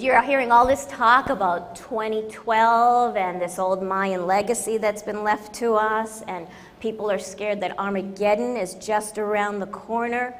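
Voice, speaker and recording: A woman's voice: medium pitch, fairly even intonation, measured pace. A woman business consultant giving a humorous conference talk, joking and self-deprecating, with emphatic stresses. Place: large conference hall. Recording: reverberant conference hall, faint noise.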